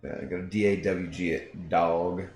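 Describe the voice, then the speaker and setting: A man's voice: sits low, moderate pace, a little mellow, roomy sound, faint music behind. A man streaming a video game, chatting casually and jokingly with viewers and reading their messages aloud.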